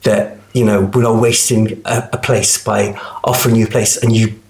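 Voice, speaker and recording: A man's voice: fairly low pitch, flat delivery, moderate pace, vocal fry. A middle-aged man, chatting as an interview guest and acting out quoted voices as he tells stories. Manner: chatty storyteller, acts out quotes, many restarts. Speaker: guest actor. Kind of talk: casual interview chat.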